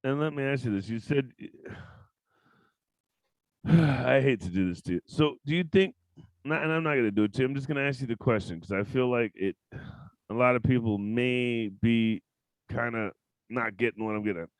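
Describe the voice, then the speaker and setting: Brief: male podcast host, mid-pitched, blunt and profane, prone to loud bursts, dry close sound. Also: normal speed, no echo. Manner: blunt, loud outbursts, cusses a lot. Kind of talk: casual interview chat.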